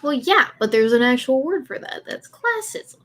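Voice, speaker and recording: A woman's voice: high-pitched, animated, fairly quick, a bit bright. Woman host on a chill stream, teasing and giggly, just chatting away. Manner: teasing, laughs often. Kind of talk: casual livestream chat.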